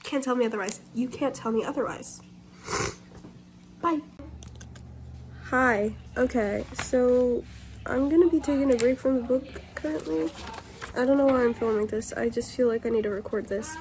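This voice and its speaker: A woman's voice: fairly high pitch, moderate pace, long pauses, background noise. Teenage girl ranting in a book vlog. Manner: candid and dramatic, shifting between whispering and loud complaint. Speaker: book vlogger. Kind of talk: casual reading vlog. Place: bathroom.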